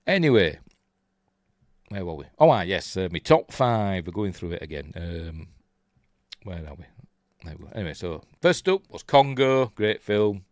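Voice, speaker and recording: A man's voice: low voice, very animated, moderate pace, no room sound, clean studio sound. An older man from Yorkshire with a Yorkshire accent, hosting a rambling, chuckling casual live-stream chat and reading out viewer comments. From Yorkshire, England. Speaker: host.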